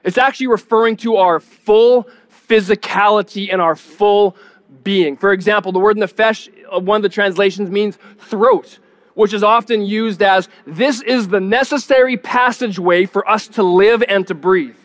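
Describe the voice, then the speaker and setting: High-voiced male pastor preaching. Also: fairly even intonation, normal speed. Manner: teaching, repeats words when searching, asks the congregation questions. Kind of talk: sermon.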